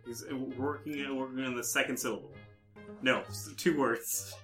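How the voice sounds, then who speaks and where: A man co-hosting a podcast, describing charades gestures aloud in a halting running commentary. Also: mid-range voice, steady tone, bright, forceful tone, echoey room, faint music behind. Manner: halting, narrating gestures as they happen. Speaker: podcast co-host. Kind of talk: live play-by-play of charades.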